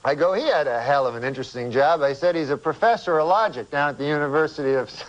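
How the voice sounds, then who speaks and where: Deadpan man telling a rambling anecdote. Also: fairly high pitch, highs cut off. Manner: deadpan, halting with many uhs. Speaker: comedian guest.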